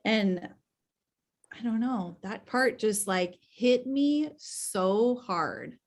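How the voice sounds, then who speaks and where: A woman hosting a book club on a video call, retelling the story in an animated and emotional way. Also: a little high, drawn-out words. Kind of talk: casual book discussion.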